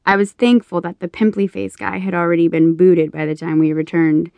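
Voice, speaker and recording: A woman narrating a romance audiobook in the first person, with measured storytelling. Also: lowish voice, flat delivery, creaky, a little mellow, dry recording.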